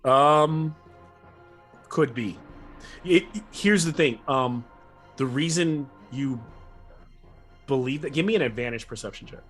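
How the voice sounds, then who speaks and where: A man's voice: medium pitch, expressive, unhurried, pauses often, fairly bright tone, faint music behind. A man running a tabletop game as game master, talking in a rambling, casual way with many self-corrections.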